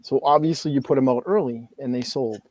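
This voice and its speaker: A man's voice: mid-range voice, a little fast, a little mellow, no room sound. A man, a podcast co-host, ranting in casual chat and swearing now and then.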